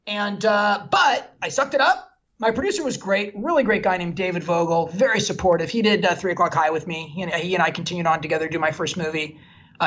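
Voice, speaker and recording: Guest, male film director, husky voice, candid self-deprecating anecdotes, dull lo-fi recording. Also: sits high, fairly bright tone. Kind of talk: animated anecdotal storytelling.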